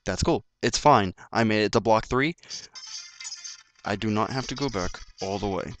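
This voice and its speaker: Low-voiced guy ranting and cussing over a game, tense sharp tone. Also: moderate pace. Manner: swearing, frustrated ranting. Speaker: let's play commentator. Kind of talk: gameplay commentary. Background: faint game music.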